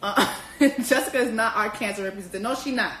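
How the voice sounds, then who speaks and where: A woman giving a blunt, profane, animated comedic recap full of slang. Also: on the high side, quick pace, slight background noise. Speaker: vlogger recapping a reality show. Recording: echoey room.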